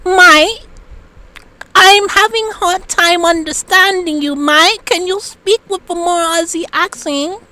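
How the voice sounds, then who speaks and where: A man doing a shrill, slow-talking prank caller. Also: sharp tone, full character voice. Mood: teasing. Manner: slow, drawn-out, keeps saying the name.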